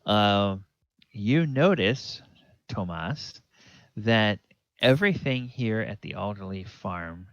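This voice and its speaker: A man narrating a tabletop game as dungeon master, pausing often with fillers. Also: on the low side, fairly bright tone, no room sound. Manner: hesitant, many fillers. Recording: dull lo-fi, dry sound.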